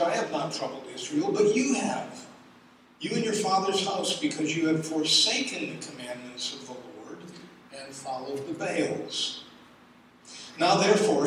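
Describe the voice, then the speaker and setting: A man preaching a sermon, reading scripture dramatically and building to loud exclamations. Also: on the high side, slight background noise. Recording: echoey hall from far off.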